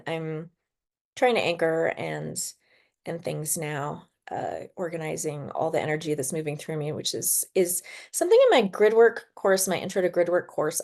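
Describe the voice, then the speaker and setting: Chatty woman podcaster, lowish voice. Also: darkish tone. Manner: chatty storyteller, filler-heavy, laughs often. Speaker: podcast host. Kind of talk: casual spiritual podcast monologue.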